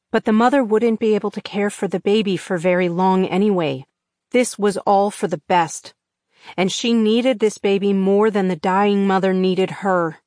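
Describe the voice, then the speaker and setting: A woman narrating an audiobook in a measured, tense suspense reading on a close studio mic. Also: on the low side, darkish tone, no room sound. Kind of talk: scripted narration.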